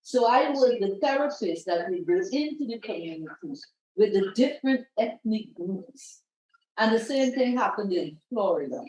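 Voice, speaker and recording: A woman's voice: mid-range voice, moderate pace. A middle-aged woman from Guyana, a mental health practitioner speaking in a panel discussion and telling stories with quoted voices. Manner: animated storytelling, acting out quoted voices. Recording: roomy, dull lo-fi sound.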